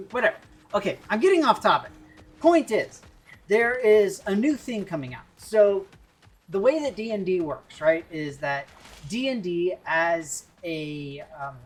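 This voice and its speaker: A man streaming a video game, rambling jokily and interrupting himself. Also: on the high side. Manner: rambling, jokey, self-interrupting. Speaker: gaming streamer. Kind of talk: casual gameplay commentary.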